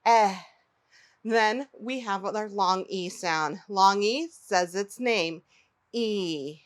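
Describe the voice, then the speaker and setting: A woman teaching phonics to young children, pronouncing each word slowly and clearly and inviting the listener to repeat it. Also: medium pitch. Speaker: early-learning teacher.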